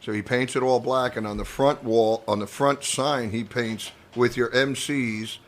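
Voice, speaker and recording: An older man, a comedian guest, telling a story in casual chat and lively acting out the people in it. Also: mid-range voice, measured pace. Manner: animated anecdote teller who acts out quoted voices.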